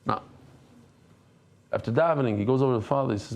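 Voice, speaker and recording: A man teaching a daily Talmud class, reading the Aramaic text and explaining it in English, switching to softer storytelling. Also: medium pitch, fast, vocal fry, a little hiss or hum.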